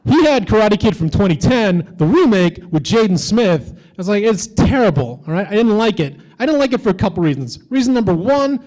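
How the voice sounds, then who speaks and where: A man's voice: sits high, sing-song, fairly quick, few pauses, a little mellow, poor audio. A man doing a stand-up comedy set on a convention stage, with edgy, teasing banter toward the crowd.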